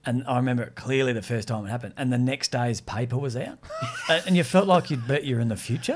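A man, a podcast host, telling stories in casual chat with an animated manner, often laughing. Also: medium pitch, fast, slight background noise.

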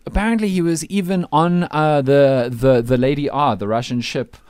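A man hosting a radio breakfast show, bantering in an excitable, teasing way. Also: on the high side, normal speed, clear, resonant tone, dry recording, clean studio sound. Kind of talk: casual comedic radio banter.

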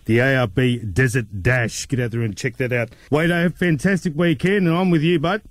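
A man with an Australian accent hosting breakfast radio, chatty and brisk as he steers the segment. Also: medium pitch, no echo. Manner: brisk, chatty, leading questions. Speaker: radio host.

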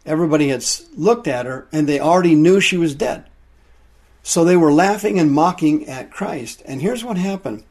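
A man preaching a sermon, explaining Greek words from the Bible with drawn-out emphasis. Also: a little high, a little mellow, slightly rough.

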